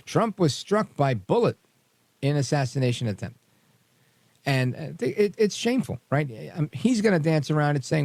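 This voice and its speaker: A man's voice: fairly high pitch, darkish tone, no echo. A man hosting a political talk radio show, speaking emphatically in a rambling, slangy way.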